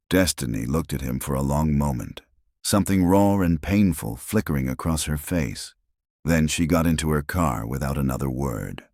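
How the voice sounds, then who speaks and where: A man narrating a scripted drama story with a measured, dramatic delivery into a close mic. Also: extremely low pitch, a little mellow, no echo.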